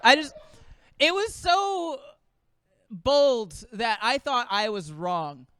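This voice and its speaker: Male stand-up comic, high smooth voice, rambling delivery, dry close studio sound. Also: lively intonation, takes it slowly, pushed and bright, no echo. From American South. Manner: rambling, laughs at own jokes. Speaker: stand-up comedian. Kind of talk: stand-up comedy set. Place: small streaming studio.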